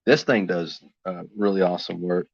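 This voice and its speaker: Here a man's low voice moves at a moderate pace, slightly rough and full of vocal fry. He's an artist streaming a drawing session, rambling easily and talking to himself as he draws, captured in dull, dry lo-fi audio.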